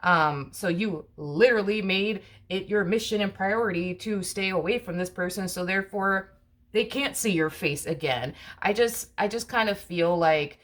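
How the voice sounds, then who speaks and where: A woman's voice: mid-range voice, normal speed, fairly bright tone. A woman giving a casual tarot reading to her viewers, chatty and repetitive, with many fillers. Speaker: tarot reader.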